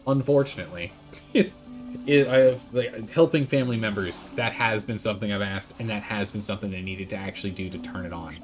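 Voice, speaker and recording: A man streaming a game, chatting and rambling with quick asides. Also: lowish voice, music in the background. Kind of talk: gaming commentary.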